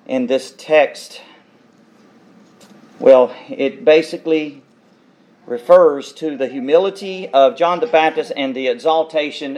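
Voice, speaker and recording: A man's voice: mid-range voice, a little mellow. A man preaching an expository sermon, reading scripture verses aloud and then explaining them with emphatic repetition.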